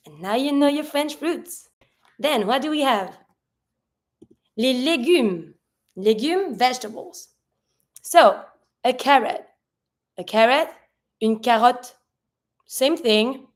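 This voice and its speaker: A woman's voice: high-pitched, animated, measured pace, pauses often. A woman teaching a French lesson, explaining pronunciation patiently step by step. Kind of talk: online language lesson.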